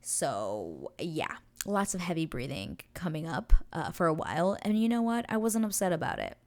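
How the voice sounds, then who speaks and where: A woman's voice: deep voice, big pitch swings, moderate pace, darkish tone. A young woman hosting a show, casually recapping a scene in a gushing, breathless way. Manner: gushing, breathless retelling with acted quotes. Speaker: show reaction host.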